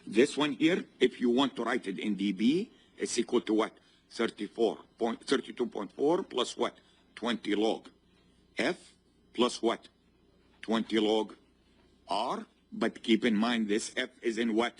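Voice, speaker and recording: In a lecture hall, a male university professor gives a class lecture in a fairly low, slightly slow voice with a breathy edge. He keeps asking students to supply the answer and checks whether they're following.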